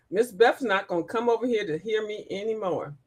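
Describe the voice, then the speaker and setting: A woman hosting a casual livestream, animated, laughing often and breaking into sung and mimicked lines. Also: medium pitch, measured pace. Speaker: livestream host. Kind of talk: casual live chat.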